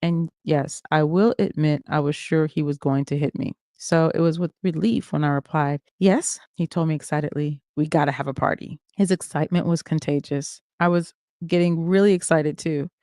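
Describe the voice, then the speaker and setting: Mellow livestream reader narrating a memoir. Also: medium pitch, steady tone, normal speed, smooth, no echo, clean studio sound. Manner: first-person narration with asides to listeners. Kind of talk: reading a memoir aloud.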